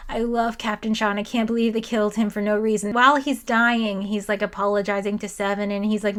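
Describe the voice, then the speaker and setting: A woman's voice: mid-range voice, little pitch movement, brisk, few pauses, fairly bright tone. A woman hosting a video essay, who talks with sarcastic exasperation and quotes others in mock voices.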